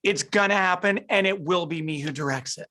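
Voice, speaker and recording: His voice sits high and sounds sharp as this middle-aged film director answers interview questions fairly quickly over a video call. He's eager, often restarting sentences and repeating words mid-thought.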